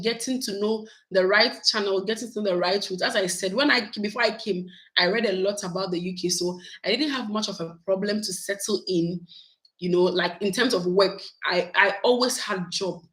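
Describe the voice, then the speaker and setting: A woman talks casually to her viewers from home. She is animated and chatty, laughing often as she goes. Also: medium pitch, normal speed, poor audio. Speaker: YouTube vlogger. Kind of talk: casual live chat with viewers.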